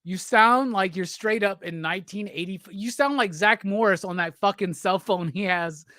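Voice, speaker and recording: A man's voice: sits high, normal speed, sharp tone, no room sound, clean studio sound. A man hosting a casual livestream chat, drunk, profane and teasing as he rambles. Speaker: livestream host.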